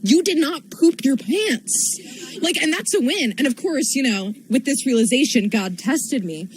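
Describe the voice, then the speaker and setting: A woman's voice: high-pitched, expressive, a little slow, low-quality recording. A young woman telling a stand-up story in a chatty, rambling way, full of "like". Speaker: stand-up comedian.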